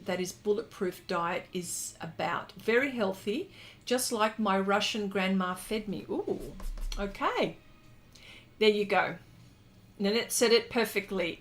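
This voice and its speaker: A middle-aged woman speaks at an unhurried, easygoing pace, her voice sitting at an ordinary middle pitch. She is an artist hosting a casual livestream while she draws. She reads viewers' comments aloud and answers them, with plenty of ums along the way. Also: a bit bright. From lives in Texas. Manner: reads viewer comments aloud and chats back, many fillers.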